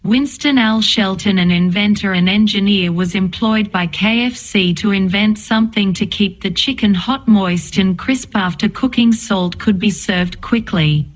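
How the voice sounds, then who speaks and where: A synthetic female assistant voice, a robot quiz answerer that reads out facts in an even, flat way. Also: medium pitch, measured pace, hardly any pauses. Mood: reading answer. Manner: even, flat read-out delivery. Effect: synthetic text-to-speech voice.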